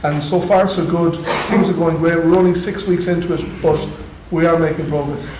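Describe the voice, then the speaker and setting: A man's voice: on the high side, fairly even intonation, normal speed. An Irish man on a conference panel, talking earnestly about sports development with a few restarts. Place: university conference hall. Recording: echoey hall with faint noise.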